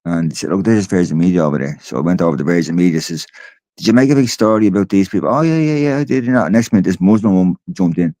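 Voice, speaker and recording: A man chats casually on a podcast in a deep, mellow voice. He tells stories with plenty of swearing and puts on the voices of the people he met. The sound is close and dry. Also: racing, no room sound. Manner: swearing, storytelling with loud re-enacted quotes. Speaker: podcast co-host. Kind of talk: casual chat.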